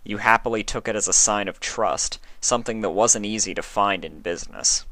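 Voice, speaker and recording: A man narrating a story in audiobook style, calm and even. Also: lowish voice, fairly quick, no room sound. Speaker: story reader.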